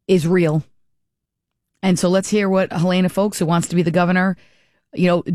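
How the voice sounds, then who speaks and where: A woman's voice: lowish voice, darkish tone, no echo, clean studio sound. A woman hosting a talk radio show, giving chatty, opinionated political commentary with frequent restarts.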